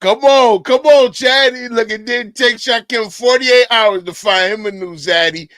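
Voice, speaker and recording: A man hosting a livestream, loud and excitable, often shouting as he talks to his chat. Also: very high voice, unhurried, no echo. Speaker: livestream host. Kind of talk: reacting to a clip for chat.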